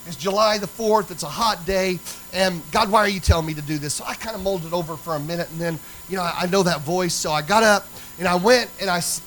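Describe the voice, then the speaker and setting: A man's voice: sits high, a bit bright, slight background noise, poor audio. A man preaching a sermon as pastor, folksy and emphatic as he tells a story. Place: church sanctuary.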